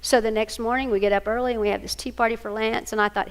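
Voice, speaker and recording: A woman's voice: a little high, fairly even intonation, quick pace, hardly any pauses. An older woman giving a storytelling talk to single parents, homey and anecdotal, acting out family dialogue. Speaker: speaker at a single-parent ministry event.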